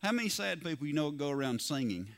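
A man's voice: on the high side, sing-song, quick pace. Man, preacher, folksy sermon, rhetorical questions, church.

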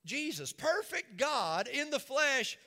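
A man's voice: extremely high pitch, big pitch swings, slow, pushed and bright. A man preaching a sermon in a church, with an emphatic, repetitive cadence. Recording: long reverb of a large hall.

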